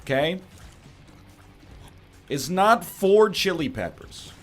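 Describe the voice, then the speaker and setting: A young man chats loosely over his gameplay, joking at his own expense and veering between low mutters and sudden exclamations. His pitch swings widely. Faint music plays under his voice. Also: very animated, slow. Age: young adult. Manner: rambling, self-deprecating, jumps to exclamations. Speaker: gaming commentator. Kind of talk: casual let's-play commentary.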